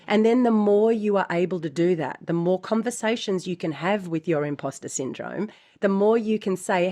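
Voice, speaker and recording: A woman's voice: lowish voice, normal speed, few pauses, dark tone. A woman co-hosting a podcast, talking earnestly and frankly and swearing freely in casual chat. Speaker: podcast co-host.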